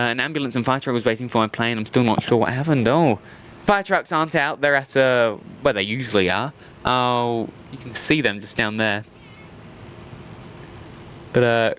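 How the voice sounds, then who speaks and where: A man's voice: mid-range voice, fairly bright tone, slight background noise. An Australian man hosting a live stream outdoors, chatting casually, rambling and joking at his own expense. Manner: rambling and self-mocking, often laughing. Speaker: host of a live plane-spotting stream. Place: outdoors at an airport.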